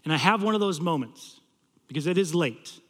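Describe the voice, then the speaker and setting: A man preaching a sermon as a campus pastor, telling a story and swinging between loud pleading and hushed, low passages. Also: expressive, brisk, big-room sound.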